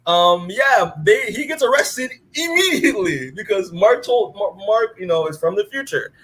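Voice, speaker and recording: Male podcast co-host, slightly higher voice, casual rambling recap full of "like", acts out dialogue. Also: expressive, normal speed, a bit bright, husky. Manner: rambling, acts out characters' lines, many "like"s. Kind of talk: casual comic book recap.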